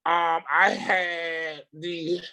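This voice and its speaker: A speaker on a video call, telling a rambling, animated story in casual chat, with slang and swearing. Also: mid-range voice, extremely slow, clear, resonant tone.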